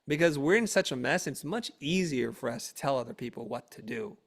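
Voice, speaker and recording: A man's voice: on the high side, a little fast, gravelly. A middle-aged man, an interview guest, telling a casual family story and acting out the dialogue animatedly. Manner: animated, acts out dialogue in raised voice.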